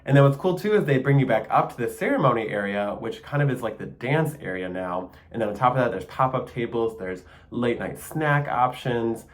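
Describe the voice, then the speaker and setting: A man's voice: mid-range voice, expressive, brisk, hardly any pauses. A young man with a Michigan accent hosting a casual solo podcast, chatty and enthusiastic, with plenty of fillers and small laughs. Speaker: podcast host.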